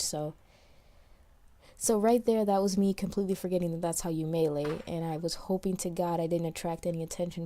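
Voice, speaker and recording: A woman's voice: on the low side, dark tone. A woman from New York with a slight New York accent, giving casual, rambling let's play commentary recorded after playing. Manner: chatty, rambling, many restarts and fillers.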